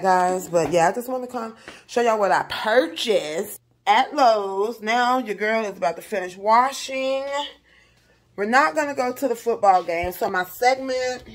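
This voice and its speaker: A young woman talks casually to her audience from her home, chatty and animated. Her voice sits a little low for a woman. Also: a little hiss or hum. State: out of breath in places. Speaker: vlogger. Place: home, indoors.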